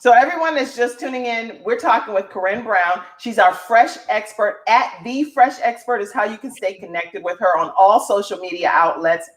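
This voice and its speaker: A woman hosts a live online show in a mid-range voice. She is encouraging and playful, cheering on her guest and calling out to viewers to comment and join in. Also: medium pitch. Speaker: talk show host. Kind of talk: casual live-stream hosting.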